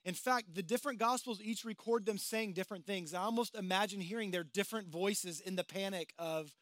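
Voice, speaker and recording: A man's voice: high voice, a little fast, hardly any pauses, a bit bright, no echo, clean studio sound. A man preaching a sermon in a casual, conversational way, acting out the voices of the people in the story. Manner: conversational, dramatizing voices of the disciples. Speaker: pastor. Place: outdoors by the water.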